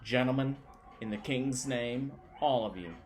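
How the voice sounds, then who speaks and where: A man doing a gruff, wary coach guard. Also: mid-range voice, measured pace, faint music behind, lightly acted. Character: gruff armed male coach guard, suspicious.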